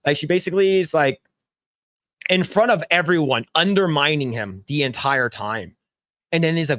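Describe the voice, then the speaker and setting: Laughing, profane podcast host, higher voice. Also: male voice, moderate pace, a bit bright, no room sound, clean studio sound. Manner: laughing, profane, acts out scenes. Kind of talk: casual chat.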